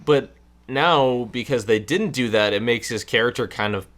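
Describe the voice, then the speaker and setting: A man's voice: medium pitch, normal speed, fairly bright tone. A man co-hosting a casual film review chat, talking with hesitant, stammering restarts. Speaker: podcast co-host.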